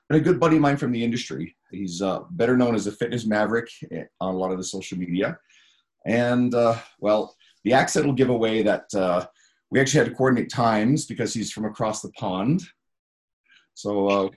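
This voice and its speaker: A man's voice: fairly low pitch, darkish tone. A man hosting a podcast in casual, chatty talk with plenty of fillers. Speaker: podcast host.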